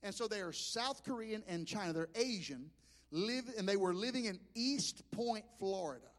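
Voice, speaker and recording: A man's voice: high-pitched, lively intonation, moderate pace, long reverb tail. A man preaching a sermon in a folksy, impassioned way, mixing humor into his message.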